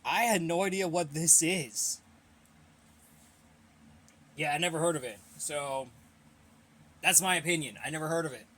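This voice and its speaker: A man's voice: fairly high pitch, a little slow, pauses often, a bit bright. A young man hosting a casual Q&A, reading viewer questions and giving blunt, rambling opinions while a little out of breath. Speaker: host of a fan Q&A channel.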